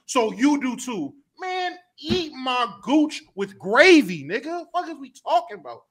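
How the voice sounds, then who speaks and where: Lively bright-voiced man ranting. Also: very high voice, measured pace. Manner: animated, profane, swings from loud to mumbled. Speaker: streamer host. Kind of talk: casual rant.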